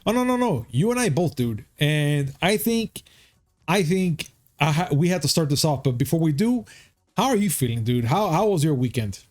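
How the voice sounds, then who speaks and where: A man's voice: a little high, animated, moderate pace, darkish tone. A man from hosting a casual geek news podcast, upbeat and hyped, swearing freely. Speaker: podcast host. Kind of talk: casual chat.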